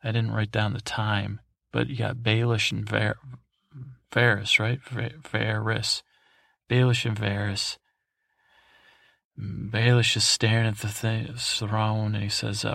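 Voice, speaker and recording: A man's voice: fairly low pitch, flat delivery, measured pace, vocal fry, fairly bright tone, no room sound, studio quality. A man hosting a sleep podcast, recapping in a meandering, digressive way full of fillers and restarts. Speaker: podcast host.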